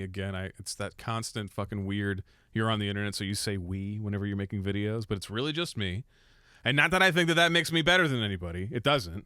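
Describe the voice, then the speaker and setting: A man's voice: lowish voice, pushed and bright, clean tone, no echo, clean studio sound. A young man casually explaining how he produced a song, joking, swearing and mocking himself as he goes. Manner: irreverent, swears, self-mocking. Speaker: music producer and mixer. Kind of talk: casual tutorial with jokes.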